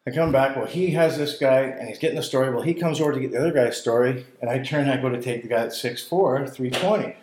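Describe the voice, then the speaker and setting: A man telling a long story in casual chat, profane and animated, acting out quotes. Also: mid-range voice, fast, few pauses, slight background noise. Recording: roomy echo.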